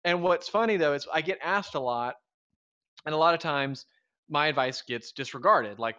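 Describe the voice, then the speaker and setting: A man's voice: fairly high pitch, animated, moderate pace, bright, forceful tone, smooth, lo-fi sound. A man in his thirties from the Southern US, co-hosting a live stream in a wry, rambling, joking way. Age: 30s. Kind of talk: casual live stream chat.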